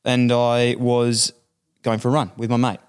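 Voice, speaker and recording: A man's voice: mid-range voice, monotone, a little slow, clear, resonant tone. A man telling a long rambling anecdote as a podcast co-host, with laughs and restarts. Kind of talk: casual chat, storytelling.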